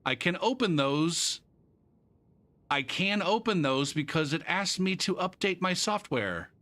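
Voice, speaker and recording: A man's voice: high-pitched, big pitch swings, pushed and bright, pitched above the performer's own voice, exaggerated voice. A man voicing an earnest young male student who reads out a stiff, overly polite email. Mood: earnest pleading. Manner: stiff, overly polite phrasing read slowly.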